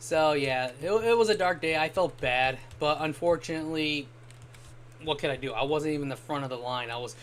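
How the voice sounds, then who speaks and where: A man streaming a game and telling a rambling story in casual chat, swearing freely and getting animated when he quotes people. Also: a little high, normal speed, long pauses. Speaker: gaming streamer. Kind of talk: casual storytelling while gaming.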